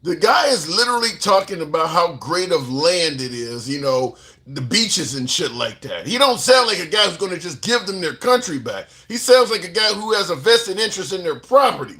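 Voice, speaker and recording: A man's voice: high voice, lively intonation, moderate pace, pushed and bright. A man co-hosting a podcast, arguing politics in a combative, emphatic way with casual slang. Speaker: podcast co-host. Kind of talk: heated political debate.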